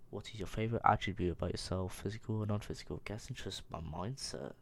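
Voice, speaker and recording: Young guy, low and gravelly, casual self-Q&A vlog, offhand mumbled answers. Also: quick pace. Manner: reads questions aloud and answers himself, offhand and mumbling. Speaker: vlogger.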